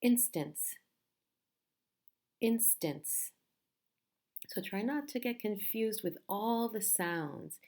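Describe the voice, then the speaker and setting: Slow, patient woman teaching pronunciation. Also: mid-range voice, a little mellow. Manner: slow, patient, repeats words carefully. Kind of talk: pronunciation lesson.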